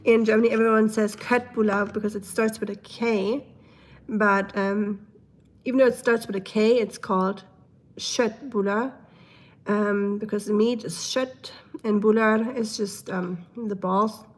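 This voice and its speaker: A young woman hosts a live stream, chatting casually and reading out comments in a medium-pitched voice with fairly even intonation and a moderate pace. She's silly and laughs often, and because her throat is full of mucus, she keeps clearing it.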